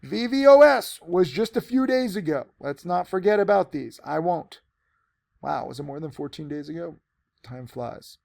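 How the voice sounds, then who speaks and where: A man's voice: fairly high pitch, expressive, moderate pace, gravelly, dark tone. A man teaching penny stock trading, giving a casual, rambling trade recap with many fillers.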